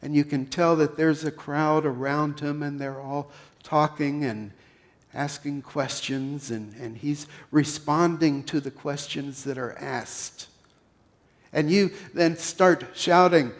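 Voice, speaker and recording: A male pastor from Pennsylvania, judging by his accent, delivers a sermon that moves slowly through a story, growing loud before settling into a hush. His pitch leans toward the high side.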